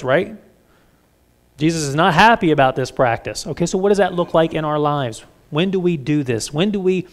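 A middle-aged man preaching a conversational sermon as pastor, candid and self-deprecating with lively asides. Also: fairly high pitch.

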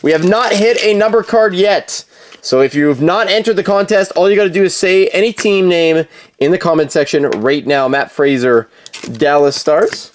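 A high-pitched man talks at a normal pace as he hosts a live card-break stream. He chats casually with viewers, uses plenty of filler words, and calls out each card as he opens packs.

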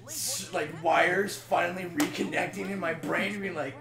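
High-voiced excitable gaming guy. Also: unhurried, vocal fry, roomy sound. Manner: excitable, swearing, mock outrage. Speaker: let's play commentator. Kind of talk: casual gaming commentary.

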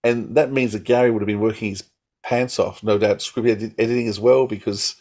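A man's voice: fairly low pitch, steady tone, brisk, darkish tone. Reflective, opinionated podcast co-host man. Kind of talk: casual chat.

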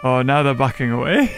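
A man giving casual gameplay commentary, excitable and laughing often as he talks to other players. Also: mid-range voice. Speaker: gaming channel host.

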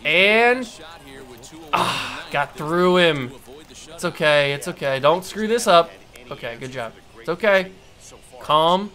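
This gamer takes it slowly, pausing often, as he narrates his way through a baseball video game in a casual, expressive monologue. His voice is bright and a touch high, shifting from quiet muttering to frustrated flare-ups.

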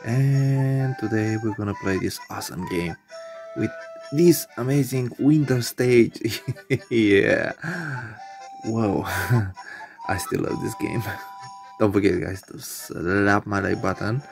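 Gravelly man rambling over gameplay. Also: fairly low pitch, takes it slowly, long pauses, darkish tone, soft background music. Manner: rambling, laughing often, lots of fillers. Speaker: channel host. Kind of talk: casual gameplay commentary.

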